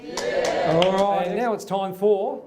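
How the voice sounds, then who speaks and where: A man's voice: high-pitched, unhurried. A man with an Australian accent hosting a comedy show, telling stand-up anecdotes and mimicking the people in his stories. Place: club venue. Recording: echoey room with faint noise.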